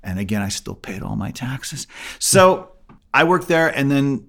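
A man's voice: medium pitch, a little slow, vocal fry. A middle-aged man, a comedy magician, telling a story in a casual interview and acting out the people he quotes. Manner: animated, acts out the people he quotes.

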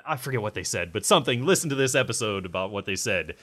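Casual podcast host, a man, lowish voice, rambling on a close mic. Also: expressive, brisk, a bit bright. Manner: rambling, many fillers.

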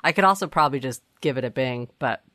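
Low-pitched woman rambling thru a chatty recap, pokes fun at herself, dry close sound. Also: lively intonation, fast talker, a bit bright, dry recording. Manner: rambling, self-deprecating. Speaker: podcast host. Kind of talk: casual recap chat.

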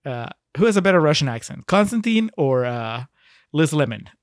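A man's voice: on the high side, very animated, normal speed, dry recording, studio quality. A man co-hosting a casual movie podcast, critical and chatty, often laughing as he talks. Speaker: podcast co-host.

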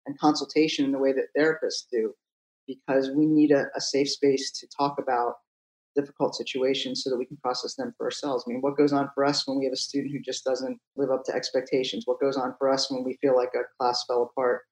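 A man's voice: mid-range voice, little pitch movement, fairly quick, darkish tone, reverberant, low-quality recording. A man who teaches at a college, a guest on a podcast, explaining his views in a thoughtful, reflective way. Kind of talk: conversational interview.

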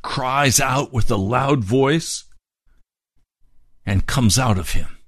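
Slow, deliberate male preacher. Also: mid-range voice, no echo. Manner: expository, explaining scripture word by word. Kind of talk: sermon.

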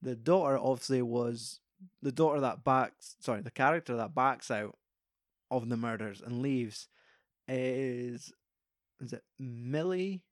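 A man's voice: mid-range voice, a little slow, no room sound, studio quality. A Scottish man chatting casually about a film, retelling scenes with lots of swearing and putting on the characters' voices.

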